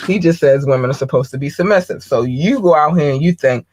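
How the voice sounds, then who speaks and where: A woman hosting a podcast, talking bluntly and candidly in a casual monologue, swearing freely and often pausing with ums. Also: deep voice, a little mellow. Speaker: podcast host.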